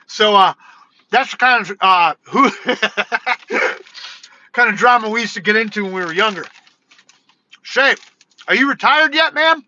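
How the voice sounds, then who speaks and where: Rambling, excitable streamer; very bright, forward voice, close and dry. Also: male voice, very high voice, normal speed, pauses often, dry recording, muffled recording. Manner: rambling and excitable, peppered with "dude" and "bro". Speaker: livestream host. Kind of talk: casual livestream chat.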